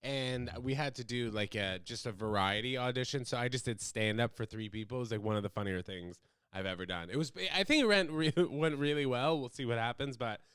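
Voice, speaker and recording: A man's voice: mid-range voice, brisk, smooth, no echo, studio quality. A young American man hosting a casual solo podcast, rambling animatedly from topic to topic. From United States. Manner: animated, rambling, jumps into loud silly voices. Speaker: host.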